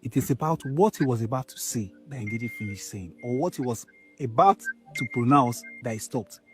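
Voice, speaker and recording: A man giving measured commentary, explaining step by step. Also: mid-range voice, lively intonation, soft background music.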